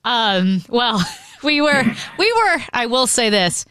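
A woman co-host with a slightly high, bright voice and lots of lift in her pitch. She sounds enthusiastic and laughs readily, and the sound is close and dry. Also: sing-song, takes it slowly, clear, resonant tone, no echo. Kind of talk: casual chat.

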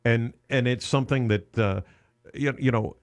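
A man hosting a charity radiothon speaks earnestly in a mid-range voice at a moderate pace. He often restarts his sentences, repeating words as he goes.

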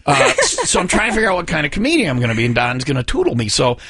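A male host keeps the studio banter rolling, joking and talking over his co-hosts. His voice is bright and a little husky, and it rides up and down with lively swings. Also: a little high, rapid-fire. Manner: joking, animated, talks over others. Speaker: radio show host.

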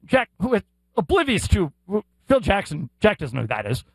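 A middle-aged man co-hosting a sports radio show, telling a story in an animated way and acting out the voices. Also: sits high, moderate pace, no room sound, poor audio. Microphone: studio mic.

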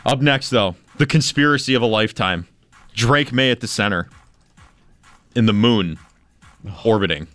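A man's voice: medium pitch, expressive, normal speed, pauses often, a bit bright, no room sound. A man co-hosting a casual sports chat in a laid-back way. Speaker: sports talk co-host.

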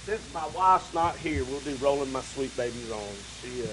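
A man's voice: mid-range voice, animated, normal speed. A man, a musician guest on a live radio show, telling folksy stories and joking around. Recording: hissy broadcast recording.

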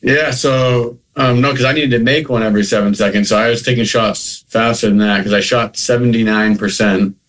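A man's voice: medium pitch, steady tone, brisk, hardly any pauses, fairly bright tone. A man from Maine, a basketball coach, answering plainly and modestly as a guest on a video call. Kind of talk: remote interview.

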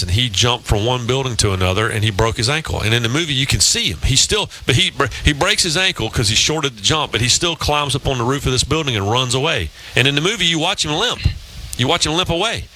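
A man's voice: medium pitch, lively intonation, fast, hardly any pauses, bright, forceful tone, a little hiss or hum, poor audio. A man in his fifties hosting a sports talk show, telling long rambling anecdotes in casual chat. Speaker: radio show host.

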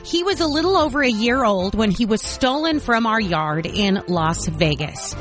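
Woman morning-show host, casual and animated, light music underneath. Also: a little high, normal speed. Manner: warm-hearted, animated, playful asides. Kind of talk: casual radio chat.

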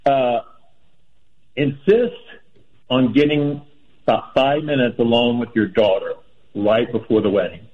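A man's voice: mid-range voice, a little slow, long pauses. A man calling into a radio show to share friendly, earnest advice. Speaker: radio caller. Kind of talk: casual call-in chat. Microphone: phone. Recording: dull phone-line sound.

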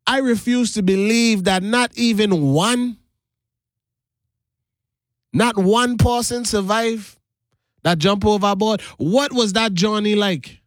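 A man's voice: high voice, takes it slowly, pauses often, no echo, clean studio sound. A man from the US Virgin Islands with a Virgin Islands Creole accent, hosting an earnest radio monologue. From United States Virgin Islands. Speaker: radio host.

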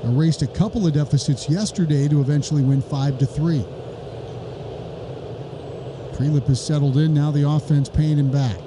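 A man calling a live baseball game play-by-play, brisk with wry joking asides and rising excitement on big plays. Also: a little high, noisy background. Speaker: play-by-play announcer.

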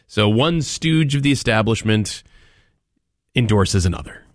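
A man's voice: mid-range voice, expressive, a little slow, no echo, studio quality. A man hosting a talk radio show, delivering commentary with sarcastic mock outrage and taking calls.

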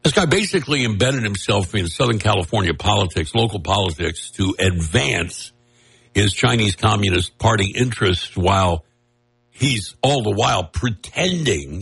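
Here a man with a fairly low pitch speaks at a moderate pace, his intonation lively, his tone fairly bright with vocal fry and a slight roughness. His casual political commentary is mocking and jokey, and he laughs at his own quips. He rambles loosely, with restarts and asides.

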